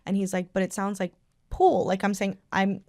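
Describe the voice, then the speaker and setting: A woman's voice: medium pitch, moderate pace, gravelly, dry recording. A woman hosting a podcast in a studio, chatting casually and acting out the voices in her stories. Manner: animated storyteller, acts out quoted voices. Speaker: podcast host. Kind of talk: casual chat.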